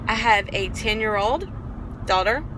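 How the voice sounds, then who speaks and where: A woman's voice: mid-range voice, animated, a little slow. A woman in her forties talking earnestly in a casual vlog, recorded on a phone in her car. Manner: earnest, personal, rambling with restarts. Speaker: vlogger. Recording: car and road noise behind.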